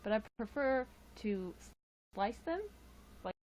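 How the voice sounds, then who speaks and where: A woman's voice: on the high side, lively intonation, slow, darkish tone. A tired woman chatting casually with live-stream viewers, rambling with frequent chuckles and fillers into a webcam mic. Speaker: livestream host.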